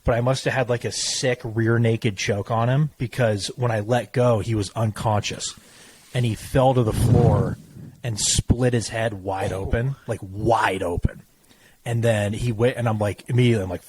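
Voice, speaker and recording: A young man co-hosting a podcast, telling stories in a casual, profane, animated way. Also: on the low side, normal speed, a little hiss or hum, rough recording. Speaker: podcast co-host. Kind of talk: casual chat.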